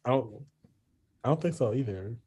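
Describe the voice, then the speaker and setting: A man's voice: mid-range voice, animated, moderate pace, darkish tone, slight background noise. A man in a casual chat, curious and asking lots of questions.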